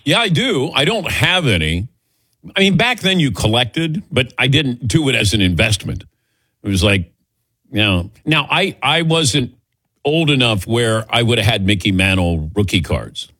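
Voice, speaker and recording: Brief: older male radio host, animated delivery, dry close mic. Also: medium pitch, normal speed, dry recording. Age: 60s. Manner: animated, laughs often, self-deprecating. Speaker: radio sports talk host. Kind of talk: casual call-in chat.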